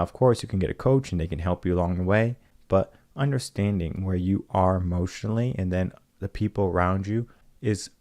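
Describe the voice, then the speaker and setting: A man's voice: low voice, dark tone, no room sound. A man hosting a solo coaching podcast, talking in a conversational way and often tagging his points with "right?".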